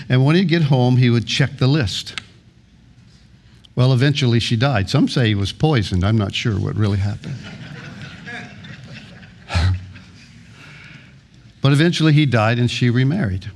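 A man's voice: medium pitch, measured pace, long pauses, a little mellow. A man preaching a sermon as a pastor, earnest, building points through repeated phrases and long lists.

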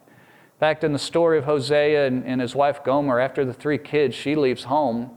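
A man's voice: medium pitch, fairly even intonation, normal speed, darkish tone. A man preaching a sermon as a pastor, earnest and direct, often repeating a word as he restarts a phrase.

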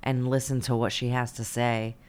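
A man's voice: medium pitch, flat delivery, normal speed, clear, resonant tone. Easygoing male podcast co-host. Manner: easygoing, offers advice and quips. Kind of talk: casual chat.

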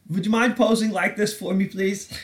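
A man voicing a fussy, overly polite fashion photographer in a high, chirpy, mincing voice. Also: fairly even intonation, unhurried, a bit bright, reverberant.

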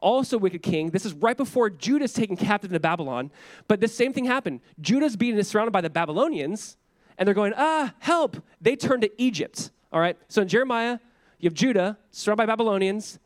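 A young man preaching with a high, light voice. He talks casually and lively, acting out the people in his text. The sound is close and dry, with no room echo. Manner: conversational, animated, acts out quotes. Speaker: pastor. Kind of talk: sermon.

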